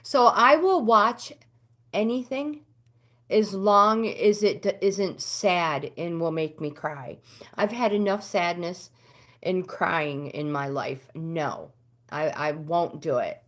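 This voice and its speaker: A middle-aged American woman hosting a casual livestream, chatting with viewers and answering their comments. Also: slow pace. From United States. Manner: chatty, talks back to comments, pitch swings up when animated. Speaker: livestream host.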